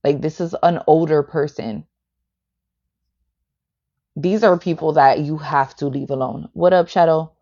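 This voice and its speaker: Woman, tarot reader, low voice, blunt, profane, constant filler words, dull lo-fi mic sound. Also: steady tone, a little slow, long pauses, dark tone. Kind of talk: blunt livestream tarot reading.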